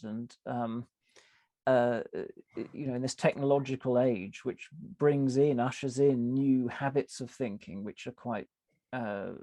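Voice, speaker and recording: A man's voice: medium pitch, vocal fry, dark tone, no echo. A man, a guest on a podcast, explaining his ideas at length in a thoughtful, hesitant way, full of fillers and restarts. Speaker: podcast guest, advertising author. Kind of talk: conversational interview explanation.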